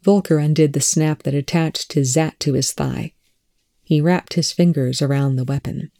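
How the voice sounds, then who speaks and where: A narrator reading fan fiction aloud with a measured, hushed sense of suspense. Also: mid-range voice, steady tone, gravelly, no echo, studio quality.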